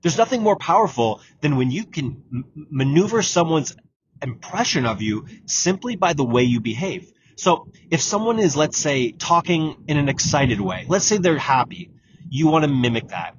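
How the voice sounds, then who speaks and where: A man hosts a solo podcast and coaches listeners in a direct way, repeating his key points. His voice sits a little high. The audio is dull and lo-fi, with steady noise underneath. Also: moderate pace. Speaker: exam prep podcast host. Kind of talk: solo podcast advice talk.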